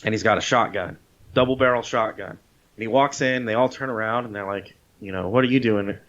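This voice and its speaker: A man on a podcast casually retelling a movie scene, animated, swearing freely and acting out the lines. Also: on the low side, a little fast. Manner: animated storyteller, swears freely, acts out quotes. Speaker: podcast co-host. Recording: dull lo-fi podcast audio.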